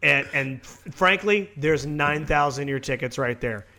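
A man's voice: on the high side, unhurried, pushed and bright. A man co-hosting a wrestling podcast, rambling through crude jokes, swearing freely and laughing at his own bits. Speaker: podcast co-host.

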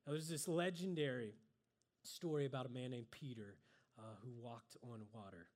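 A man's voice: medium pitch, normal speed, a little mellow. Guy giving a laid-back sermon, drawing stuff on a board, laughs at himself. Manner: conversational, self-deprecating with laughs. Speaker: preacher.

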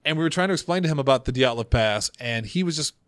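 A man hosting a casual podcast, telling stories from his notes with quick asides. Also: mid-range voice, expressive, fairly bright tone. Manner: chatty storyteller, reads notes, quick asides. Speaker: podcast host.

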